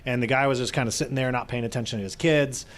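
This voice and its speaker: An earnest man co-hosting a live podcast conversation. His voice sits at a middle pitch, and he slips into quoted voices as he retells stories. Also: steady tone, fast talker. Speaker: podcast co-host.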